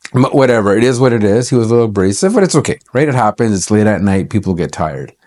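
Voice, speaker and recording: A man's voice: on the low side, expressive, quick pace, a little mellow. A middle-aged man from Canada, an accountant, telling a personal story to camera in a chatty, aggrieved way with many fillers and restarts.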